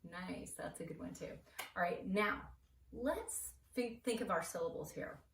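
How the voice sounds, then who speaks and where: Woman teacher, slow and deliberate, animated pitch, distant roomy recording. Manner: slow, clearly sounding out letters and syllables. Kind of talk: spelling lesson to an imagined class. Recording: roomy, distant mic with faint noise.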